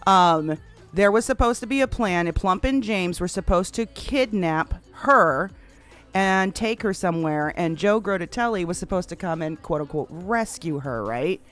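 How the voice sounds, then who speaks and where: A woman's voice: fairly low pitch, lively intonation, a little slow, a bit bright, soft background music. A woman live-streaming a roleplay game, laughing often and telling the story in a rambling, filler-heavy way. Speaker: streamer playing a roleplay character.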